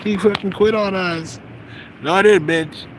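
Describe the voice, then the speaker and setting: A young streamer talks outdoors beside a road with traffic, his high voice keeping a fairly even intonation and a slightly slow pace. He rambles loosely and profanely, laughing a lot and using many fillers in a casual monologue.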